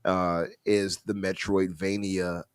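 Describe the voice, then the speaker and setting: Low-voiced man chatting casually. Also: takes it slowly, clear, resonant tone, dry recording, clean studio sound. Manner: animated, laughing, trails off and restarts. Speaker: podcast co-host. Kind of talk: casual chat.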